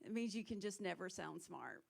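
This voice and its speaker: A woman from South Carolina with a Southern accent, doing a self-mocking stand-up set and breaking into loud put-on voices. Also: lowish voice, lively intonation, moderate pace, creaky. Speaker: headlining stand-up comedian. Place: small comedy club stage.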